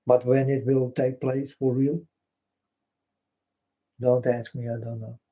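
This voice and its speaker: Dutch-accented man, flat slow preacher-like vlogger, husky, dull lo-fi sound, repeats himself. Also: mid-range voice. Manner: repetitive, keeps addressing his folks, broken English. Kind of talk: rambling spiritual monologue. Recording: dull lo-fi recording.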